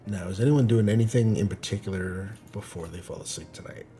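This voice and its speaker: A man's voice: lowish voice, fairly quick, a crowd in the background. A man running a tabletop game as game master on a live stream, joking and laughing often.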